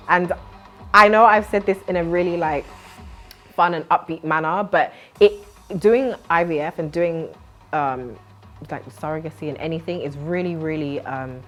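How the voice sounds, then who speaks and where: Young british woman vlogging, chatty and lively, lowish voice, a bit of music behind. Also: moderate pace. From Britain. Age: young adult. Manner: lively, chatty, laughs often, lots of "like". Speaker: vlogger and TV host. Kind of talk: casual storytelling to camera.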